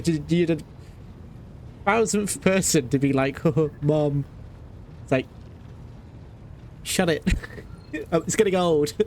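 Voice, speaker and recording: A man streaming a game, chatting casually, ranting and laughing often. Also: fairly high pitch. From Britain. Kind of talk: casual chat while playing.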